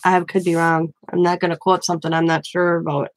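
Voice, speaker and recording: A woman's voice: lowish voice, level tone, a little fast. Chatty woman hosting a crafting livestream. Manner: chatty, answers viewers by name, restarts sentences. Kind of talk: casual live-stream chat. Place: at home.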